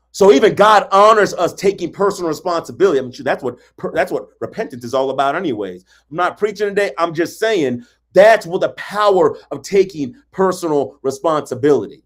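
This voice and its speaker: A man giving a motivational relationship talk, emphatic and colloquial, hammering points with repetition and acting out quotes. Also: a little high. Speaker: relationship coach.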